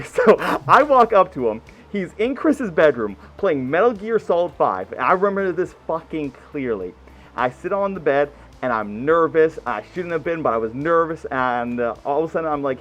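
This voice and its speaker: Animated high-voiced man telling a story. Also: moderate pace. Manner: animated, swears freely, acts out quoted voices. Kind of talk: casual storytelling.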